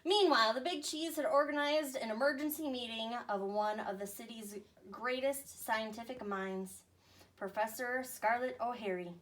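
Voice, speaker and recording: A woman teacher reading a picture book aloud to young children with expressive storytelling. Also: on the high side, normal speed. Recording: voice a bit far from the mic.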